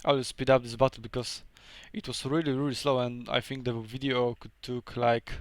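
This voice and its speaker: A man's voice: medium pitch, flat delivery, normal speed, dry recording. A man whose first language is Polish, casually commentating a strategy game battle, hesitant and thinking aloud with many fillers.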